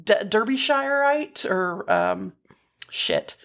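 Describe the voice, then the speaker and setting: A woman's voice: mid-range voice, expressive, slow pace, gravelly, fairly bright tone. A woman with a Southern US accent co-hosting a podcast in loose, joking casual chat, swearing freely. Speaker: podcast co-host.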